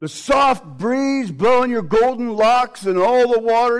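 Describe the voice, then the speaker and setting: A man preaching a sermon with animated delivery, acting out the voices he quotes. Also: very high voice, measured pace, smooth, poor audio.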